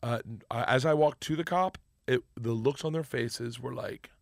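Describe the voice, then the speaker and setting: A young man telling a wild story in casual chat. He is animated and swears freely. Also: mid-range voice, normal speed, gravelly, dry recording, studio quality.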